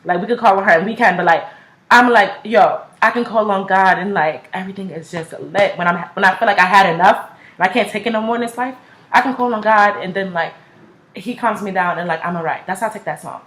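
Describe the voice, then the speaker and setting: A woman's voice: mid-range voice, brisk, a bit bright. A young woman chatting casually in a music reaction video, gushing and filling every sentence with "like" and slang. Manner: gushing, heavy use of "like" and slang. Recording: echoey room.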